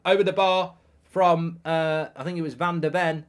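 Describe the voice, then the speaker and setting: A middle-aged man hosting a live football watchalong, commenting on the match and reading out viewer messages with bursts of excitement. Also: on the high side, a little fast. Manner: excitable, reads viewer messages aloud, repeats himself.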